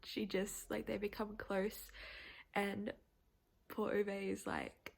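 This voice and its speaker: Young woman vlogger, teary, rambling and laughing, slow, gravelly voice. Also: mid-range voice, level tone. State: teary, on the verge of crying. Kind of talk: casual chatty vlog.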